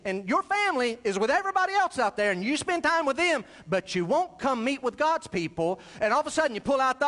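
A male pastor preaching a sermon, swinging between loud emphasis and quiet asides. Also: extremely high pitch, big pitch swings, fairly quick.

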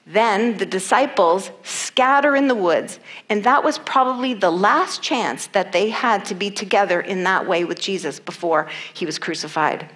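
A woman's voice: medium pitch, moderate pace, few pauses, a bit bright. A woman preaching a sermon and reading scripture, earnest and emphatic, repeating key phrases for weight.

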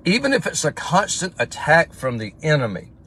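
A man's voice: a little high, very animated, moderate pace, a bit bright, husky. A man giving a casual livestream devotional as pastor, talking in a conversational way and reading scripture aloud with emphasis.

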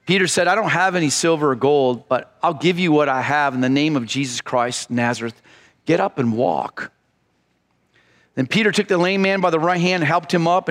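A man's voice: fairly high pitch, fairly bright tone. A man preaching a sermon, earnest and fervent, pleading in prayer and reading scripture aloud. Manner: reads scripture aloud in a steadier tone. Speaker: pastor.

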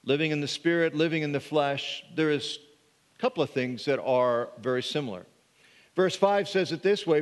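A man preaching a sermon as pastor, animated and prone to repeated restarts. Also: on the high side, moderate pace. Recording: long reverb of a hall.

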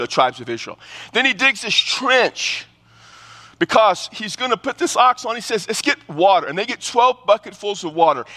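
A male pastor preaching a sermon, telling stories with humor and plenty of restarts. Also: very high-pitched. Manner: animated storytelling with humor and repeated restarts. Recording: long reverb of a large hall.

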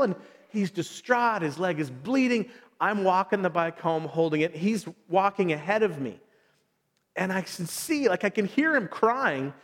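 A middle-aged man preaching a sermon, telling stories in an animated way and acting out his son's voice. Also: high voice, a little slow. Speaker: pastor. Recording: long hall reverb.

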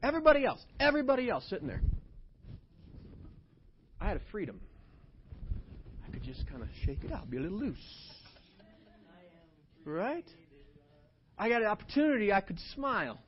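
A man preaching a sermon, telling a personal story in an animated way that swings between hushed and loud. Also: high voice. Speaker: pastor. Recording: dull lo-fi sound.

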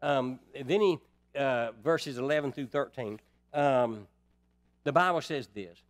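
A man's voice: mid-range voice, takes it slowly. A man preaching a sermon in a folksy way, putting rhetorical questions to the congregation.

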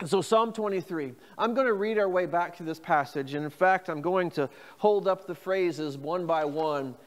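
A man preaching a sermon as pastor, reading scripture phrases slowly and inviting the congregation to repeat them. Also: high-pitched, big-room sound. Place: church.

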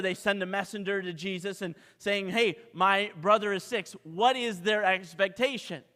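Male pastor, dramatic sermon, high bright voice, long hall echo. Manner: dramatic preaching, sung hymn opening, rhetorical questions.

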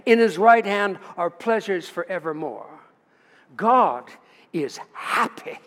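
Pastor preaching in a reverberant church. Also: male voice, high voice, expressive, a bit bright. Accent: American. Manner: emphatic preaching with long pauses and rising stresses. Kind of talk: sermon. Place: church sanctuary. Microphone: livestream from the pulpit.

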